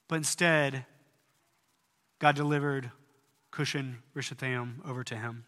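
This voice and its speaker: A man preaching a sermon in earnest tones, rising at times to loud, emphatic peaks. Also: mid-range voice, fairly even intonation, unhurried, pauses often, long reverb tail. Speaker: pastor.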